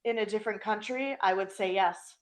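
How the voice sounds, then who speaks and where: A woman's voice: mid-range voice, a little fast. A young woman hosting a podcast and chatting casually, playful and teasing, laughing often. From Wisconsin. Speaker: podcast host. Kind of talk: casual chat.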